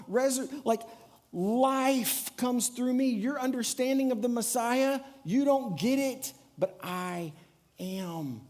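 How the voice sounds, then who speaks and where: A middle-aged pastor with a fairly high voice, preaching with lively energy. He acts out the people in his story and speaks straight to the congregation. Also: slow pace. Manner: animated, acts out quoted voices, talks to the congregation. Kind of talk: sermon.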